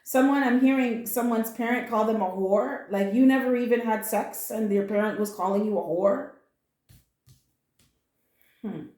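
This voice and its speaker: A woman reads tarot in a casual, earnest way, comforting her listeners and using blunt slang. Her voice is fairly high but mellow. The room around her sounds echoey. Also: normal speed, pauses often. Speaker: tarot reader. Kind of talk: casual spoken tarot reading.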